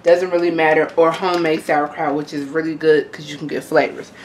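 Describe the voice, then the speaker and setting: A woman with a low, easy voice walks viewers through a home recipe in a chatty, encouraging way. She talks over a pan in her kitchen, with faint frying noise under her words. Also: little pitch movement, fairly quick. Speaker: cooking channel host. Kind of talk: casual cooking demonstration.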